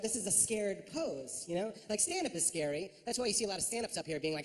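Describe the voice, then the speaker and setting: A man performing a stand-up routine on a theater stage, lively and jumping into high silly voices. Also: fast talker, hardly any pauses. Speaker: stand-up comedian. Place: large ornate theater stage. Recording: reverberant theater with audience noise.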